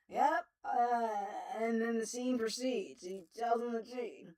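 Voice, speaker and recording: A woman's voice: a little high, takes it slowly, darkish tone, far from the mic, poor audio. A woman streamer chatting casually on a livestream, rambling, swearing and laughing often.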